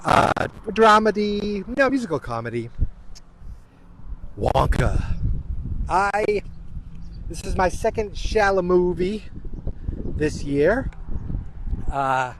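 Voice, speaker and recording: A man records his casual podcast outdoors while walking his dog, holding a tiny microphone in his hand. His voice sits a little high and he rambles in a self-deprecating way, at times slipping into a playful vampire voice. Faint traffic hums in the background. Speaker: podcast host. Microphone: tiny handheld microphone.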